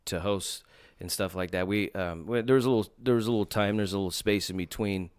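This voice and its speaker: Low-voiced podcast guy, slight southern drawl, swears a lot, rambles, dry close sound. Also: fairly quick, smooth, no echo. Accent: slight Southern American drawl. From Southern California. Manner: rambling and profane, full of filler phrases. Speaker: podcast host. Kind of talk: casual chat.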